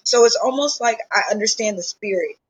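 A woman with a husky edge to her voice, talking openly and from the heart in casual podcast conversation. Her pitch sits in the middle range for a woman. She speaks at length in an unhurried, personal way. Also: poor audio. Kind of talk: casual chat.

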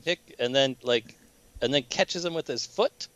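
A man's voice: medium pitch, unhurried, fairly bright tone. A man chatting casually about a movie as a podcast co-host, easygoing and agreeable, chuckling often. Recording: dull lo-fi dry mic.

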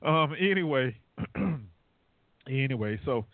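A man's voice: on the high side, very animated, normal speed, no room sound. A man hosting a casual call-in talk show, rambling and laughing at his own jokes. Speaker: radio show host. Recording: dry, phone-like internet radio line.

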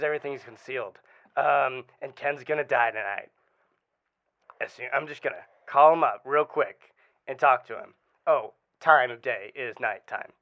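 A man's voice: mid-range voice, muffled recording, close to an everyday voice. A man playing a scheming radio host. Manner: mock-sinister, rambling.

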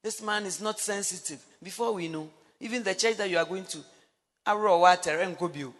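A woman's voice: fairly low pitch, a little fast, long reverb tail. A woman, preaching a sermon that mixes personal stories with emphatic declarations. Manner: animated storytelling, rising to emphatic declarations.

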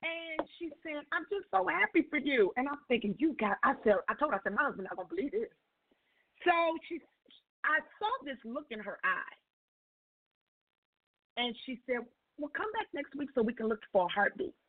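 A middle-aged woman on a call-in show, telling her story in a lively way and acting out each voice in the dialogue. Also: normal speed, pauses often. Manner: expressive, acts out dialogue with big pitch jumps. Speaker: call-in guest sharing a testimony. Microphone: telephone. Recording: tinny phone line.

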